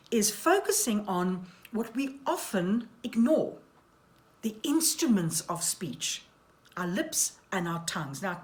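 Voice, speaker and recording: A woman giving a voice and speech lesson for actors, demonstrating tongue exercises aloud with wry asides. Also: mid-range voice. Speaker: voice coach.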